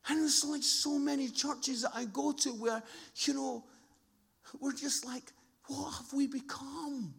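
A man preaching a sermon, telling stories with animated impressions of the people in them. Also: a little slow, vocal fry. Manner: animated storytelling, mimics people in high voices.

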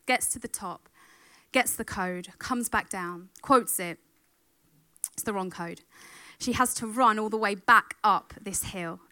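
A woman delivering a sermon with a bright, forceful voice pitched a little high. She tells her story with emotion and lively energy, and the recording sounds close and dry. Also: no echo. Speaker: preacher.

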